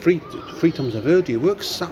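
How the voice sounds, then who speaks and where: A man's voice: on the high side, lively intonation, normal speed. Man, podcast host, loose rambling interview talk, library café, crowd noise behind. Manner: chatty, rambling, many fillers. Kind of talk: casual interview chat. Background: café crowd chatter.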